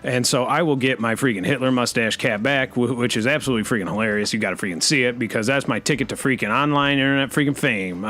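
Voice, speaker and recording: A man hosting a comedy podcast, rambling deadpan and packing every sentence with the same filler word. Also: mid-range voice. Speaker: podcast host.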